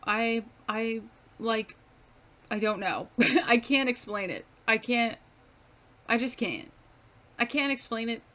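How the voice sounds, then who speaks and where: A woman with a high voice narrates her craft video in a relaxed, slow-paced way. She rambles, leans on fillers and swears offhandedly, like chatting with friends. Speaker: craft video creator and streamer. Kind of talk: casual vlog voice-over.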